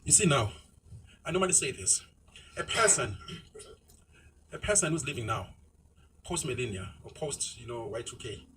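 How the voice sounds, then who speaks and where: South african guy ranting fast while he drives, high voice, mic kinda far off with road noise in the car. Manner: ranting, mixes in isiZulu phrases. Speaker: vlogger. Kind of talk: opinionated monologue while driving. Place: inside a moving car.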